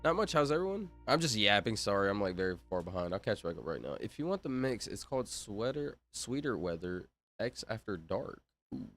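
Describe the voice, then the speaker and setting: A man's voice: lowish voice, big pitch swings, fairly quick, fairly bright tone, soft background music. A man chatting casually on a livestream, rambling and interrupting himself while reading chat aloud.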